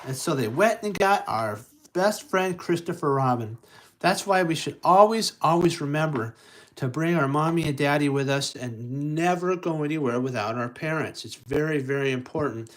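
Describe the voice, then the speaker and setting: A storytime reader reading a picture book to young children, slow and halting, with stumbles and asides. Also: medium pitch, expressive, low-quality recording.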